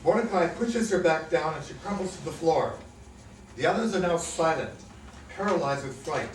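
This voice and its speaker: A man narrating the stage directions of a play in a plain, measured reading. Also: a little high, expressive, slight background noise. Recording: echoey room, mic at a distance.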